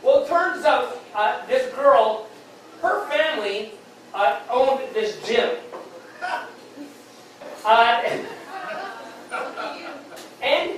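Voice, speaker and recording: A man doing stand-up storytelling on stage, rambling and halting, with many fillers and restarts. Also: very high voice, animated, fairly bright tone. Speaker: stand-up comic. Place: beer hall comedy stage. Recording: very echoey hall, distant mic, faint noise.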